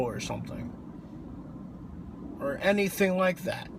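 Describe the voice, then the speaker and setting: A man casually chatting about film casting and ratings with a friend, his voice rising and dropping in loudness as he talks. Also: on the high side, animated, moderate pace, long pauses. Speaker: co-host reviewing films. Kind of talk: casual chat. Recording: faint background noise.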